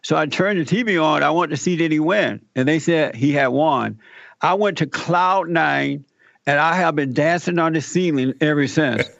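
A man's voice: fairly high pitch, moderate pace, vocal fry, dry recording, highs cut off. An older man, a radio talk show host, telling a personal story as an interview guest and acting out the dialogue in it. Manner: animated storyteller, acts out quoted dialogue.

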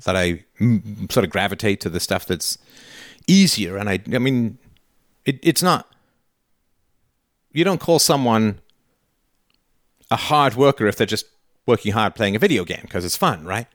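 A man's voice: lowish voice, big pitch swings, unhurried, pauses often, no echo. Heated, emphatic man in a dry studio. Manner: heated, emphatic, sarcastic, swearing. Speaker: host role-playing a son confronting his father. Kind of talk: call-in show role-play.

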